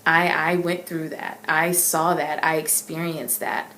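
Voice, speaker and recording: A young adult woman earnestly recounting a personal faith testimony, emotional and halting, with frequent repeats. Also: low-pitched, little pitch movement, pushed and bright, slight background noise. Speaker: inspirational vlogger. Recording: echoey room with faint ambience.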